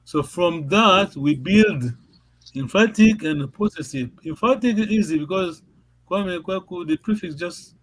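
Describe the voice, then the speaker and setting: A man teaching a language class on a video call, patient and halting, often repeating words and laughing. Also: sits high, fairly bright tone, slight background noise, poor audio.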